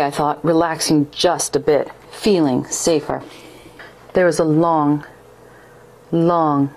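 Woman telling a ghost story, deep-ish voice, steady read. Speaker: narrator. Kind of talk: scripted ghost story narration.

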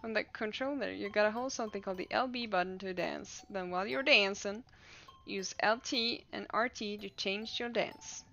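A woman's voice: mid-range voice, normal speed, creaky, sharp tone, muffled recording. A woman streamer reading a dance-loving game character's lines in an enthusiastic, coaxing way. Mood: encouraging. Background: faint game music.

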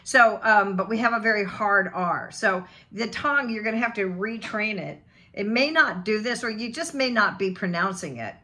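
This woman, an accent coach from the western US with a General American accent, has a mid-range voice that sounds bright and forceful. She works through a pronunciation lesson, practicing sounds slowly and carefully.

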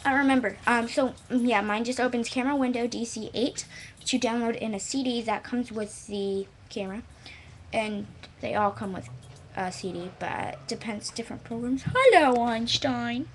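Woman, high voice, scattered silly manner, casual home tutorial, at her computer. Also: fairly even intonation, normal speed, slight background noise. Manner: scattered and silly, trails off into playful sounds. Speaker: vlogger showing a how-to. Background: dogs nearby.

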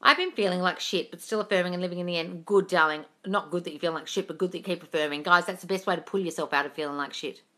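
Bright-voiced woman, blunt and sweary. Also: fairly low pitch, fast, hardly any pauses. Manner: blunt and swears freely, calls viewers darling; reads comments aloud, then answers them. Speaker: manifestation coach answering viewer questions. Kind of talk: casual livestream Q&A. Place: at home with her cat. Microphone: phone livestream.

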